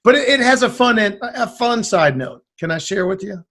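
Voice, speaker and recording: A man with a fairly high speaking voice tells a long story from his past in casual conversation. He rambles and restarts often, and he acts out the lines of the people in the story. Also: expressive, normal speed, a bit bright. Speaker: guest musician.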